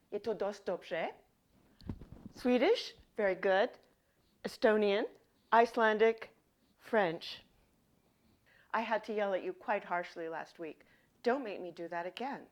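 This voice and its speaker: Woman, comedy host, deadpan, mock-authoritative, mid pitch, spoof language lesson.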